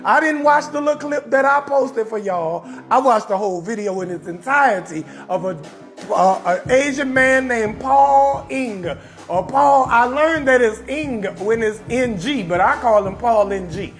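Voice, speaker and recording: Soft background music plays as a New Orleans comedian, speaking in an extremely high pitch with the city's accent, hosts a live stream. Unhurried yet loud and profane, he roasts someone with bursts of shouting.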